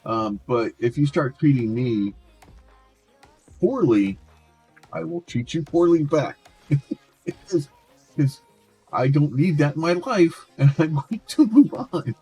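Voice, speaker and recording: Male streamer, husky voice, loose rambling chat with faint music underneath. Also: on the high side, animated, slow pace, long pauses, warm tone. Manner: rambling, repeats and restarts words. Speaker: game streamer. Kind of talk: casual chat while gaming.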